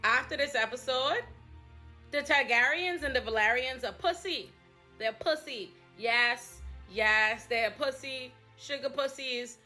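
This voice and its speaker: Animated, profane woman recapping TV. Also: high-pitched, a little slow, faint music behind. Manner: expressive, profane, emphatic slang-filled delivery. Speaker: pop culture commentator. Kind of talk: casual TV recap commentary.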